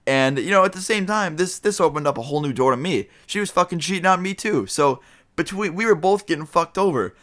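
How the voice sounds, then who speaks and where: A man's voice: fairly high pitch, animated, a little fast, a bit bright. A young man telling a casual storytime vlog, rambling with lots of fillers and swearing. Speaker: vlogger.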